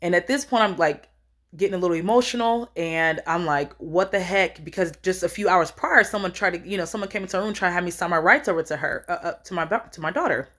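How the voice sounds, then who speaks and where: Low-voiced woman telling a personal story. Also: quick pace, a bit bright. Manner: rambling, earnest, acts out quoted lines. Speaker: storyteller vlogger. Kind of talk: casual storytime.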